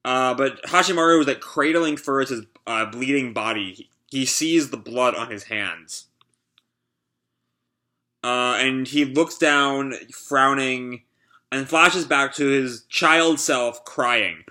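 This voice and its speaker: A young man talks through a comic chapter live, casual and loose with lots of uh and like. His voice is bright and clear, at an average pitch for a man. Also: fairly even intonation, unhurried. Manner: casual, filler-heavy narration. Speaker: YouTuber. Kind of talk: live reading and reaction to a manga.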